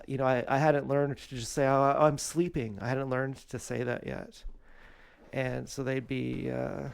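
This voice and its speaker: Man, vlogger, gravelly, smooth resonant tone, rambling candid monologue, fillers and restarts. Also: medium pitch, a little mellow. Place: home kitchen.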